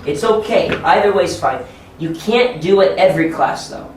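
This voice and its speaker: Man, trainer lecturing deliberately, a bit high, distant mic, very echoey room with faint noise. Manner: deliberate, simple phrasing for learners. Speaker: ESL teacher trainer.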